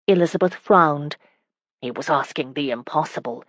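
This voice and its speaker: Steady audiobook narrator, dry sound. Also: mid-range voice, a little slow, no room sound. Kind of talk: scripted narration.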